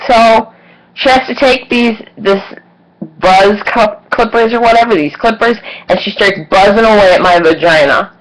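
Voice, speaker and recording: A woman vlogger recounts a personal story in a frank, casual way. Her voice sits in a middle pitch, and she swears freely. She acts out the lines of the people in the story as she goes. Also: unhurried, poor audio. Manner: candid, swearing, animated retelling with quoted voices.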